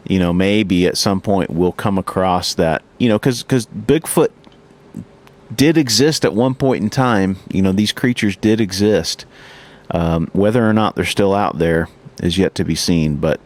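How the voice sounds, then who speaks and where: Deep-voiced podcast dude, rambly and loose, swears casually. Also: male voice, darkish tone. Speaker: podcast co-host. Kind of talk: casual chat.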